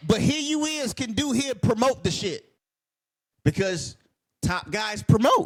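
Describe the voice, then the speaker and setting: Man ranting, high lively voice. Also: measured pace. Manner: heated, profane, rambling and repetitive. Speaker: wrestling commentary vlogger. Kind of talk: casual ranting video commentary.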